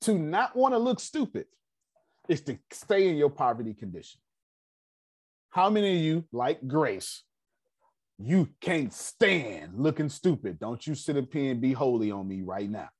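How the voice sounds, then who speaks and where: Brief: male seminar leader, husky voice, animated preacherly delivery. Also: mid-range voice, measured pace. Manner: preacherly, rhetorical questions to the audience. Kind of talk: motivational teaching.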